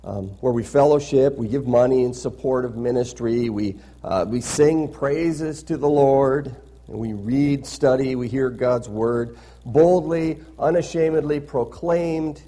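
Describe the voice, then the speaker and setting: A man's voice: mid-range voice, a little slow, warm tone. A man preaching a sermon as pastor, reading scripture aloud with rising emphasis and adding conversational asides that end in "right?".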